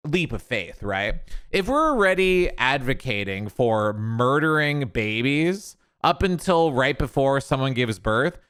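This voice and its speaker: Male streamer host, angry sarcastic rant, fairly high, smooth clear voice. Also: fairly bright tone, no room sound, studio quality. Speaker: streamer commentator. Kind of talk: ranting commentary.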